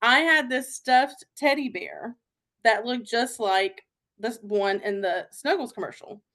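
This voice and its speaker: A woman's voice: fairly high pitch, expressive, measured pace, a bit bright. A young adult woman hosting a podcast, chatting casually in a rambling way with lots of fillers and giggles. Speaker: podcast host. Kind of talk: casual chat.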